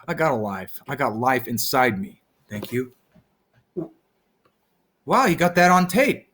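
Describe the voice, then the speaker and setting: Slow goofy man rambling in rhymes. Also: medium pitch, sing-song, fairly bright tone. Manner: goofy, rhymes off the top of his head, talks to viewers. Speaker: vlogger. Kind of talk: rambling freestyle vlog chat.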